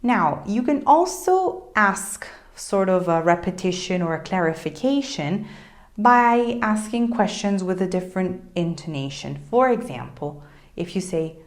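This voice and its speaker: A woman speaking straight to camera in a friendly language lesson. She explains each phrase clearly and at an even pace, then says the example with bright, expressive intonation. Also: lowish voice, a little slow. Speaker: Italian language teacher.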